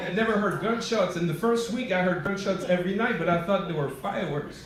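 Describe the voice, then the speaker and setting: A man's voice: sits high, a little fast. A man doing a stand-up set, laughing through his own punchlines. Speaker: stand-up comedian. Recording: echoey club clip with loud noise.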